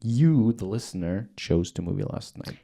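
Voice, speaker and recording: Male podcast co-host, low voice, playful, casual, restarts a lot. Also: animated, normal speed, gravelly, warm tone. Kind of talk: casual chat.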